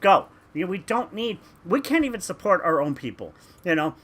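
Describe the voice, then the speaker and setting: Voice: medium pitch, sing-song, a little fast, fairly bright tone. A talker, ranting emphatically in casual podcast chat with stumbling restarts. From Canada.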